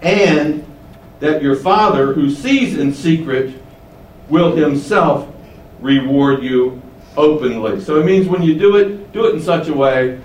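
A man's voice: fairly high pitch, unhurried, darkish tone, echoey room, far from the mic, a little hiss or hum, rough recording. A man preaching an expository sermon in a conversational way, often asking rhetorical questions and building up emphasis. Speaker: pastor.

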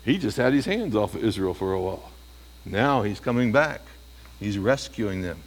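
A man's voice: fairly low pitch, expressive, moderate pace, big-room sound. A male preacher giving a sermon, often asking the listeners rhetorical questions.

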